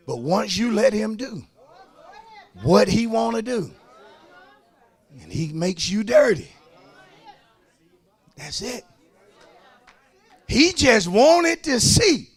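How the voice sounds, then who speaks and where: A man preaching a sermon as pastor, shouting and half-singing his lines, calling out to the congregation. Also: sits high, big pitch swings, slow, pauses often, husky, a faint crowd.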